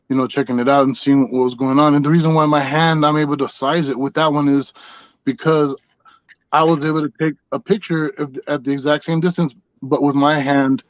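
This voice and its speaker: A middle-aged man telling a long story in a relaxed, rambling way, as a guest on a podcast. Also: medium pitch, no echo, lo-fi sound. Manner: rambling, laid-back storyteller. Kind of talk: casual storytelling.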